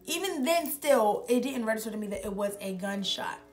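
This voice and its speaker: A woman's voice: fairly high pitch, expressive, brisk, faint music behind. A young woman vlogger telling a story in a rambling, casual way, full of filler words. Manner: rambling, heavy use of filler "like".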